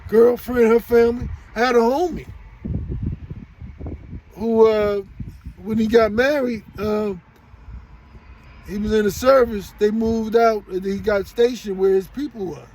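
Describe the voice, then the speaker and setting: A man's voice: sits high, fairly even intonation, a little slow, long pauses, a little mellow, low-quality recording. A middle-aged man telling a rambling story straight to his viewers, often repeating and restarting himself. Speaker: vlogger. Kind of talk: casual storytelling monologue.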